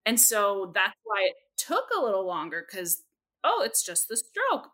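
A young adult woman, a speech therapist, telling stories in an animated, expressive way as a podcast guest. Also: mid-range voice, normal speed. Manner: animated, expressive, jumps into quoted voices. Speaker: speech-language pathologist guest. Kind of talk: lively storytelling in a podcast interview.

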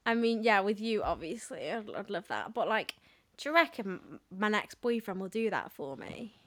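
A woman's voice: mid-range voice, big pitch swings, moderate pace, a bit bright. A young woman co-hosting a podcast in casual chat, giggly and swearing freely as she tells stories. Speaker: podcast co-host.

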